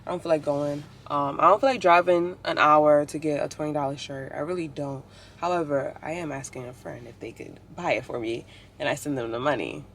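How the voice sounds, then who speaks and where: A woman's voice: low voice, fairly quick, slight background noise. A young woman telling stories in a chatty, opinionated way in a casual vlog, with lots of "like". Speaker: vlogger.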